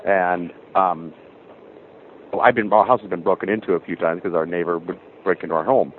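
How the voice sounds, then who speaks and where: A man calling in to a radio show who rambles through his story in an animated way. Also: low voice, fairly quick. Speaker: caller. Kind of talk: call-in storytelling. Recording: phone line with faint hiss.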